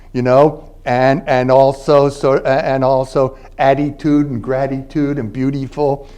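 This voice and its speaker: A man's voice: mid-range voice, dark tone. A man in his eighties, from Philadelphia, giving a university lecture as a guest linguist in a conversational storytelling way, often checking in with the audience with "all right?". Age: 80s. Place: university library event space.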